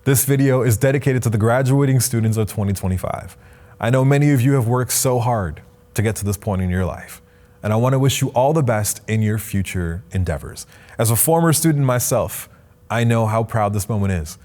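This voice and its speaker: A man's voice: mid-range voice, brisk, darkish tone. A young man from Canada, a spoken word poet, giving a motivational address and reciting poetry with rhythmic sweeping rises and falls.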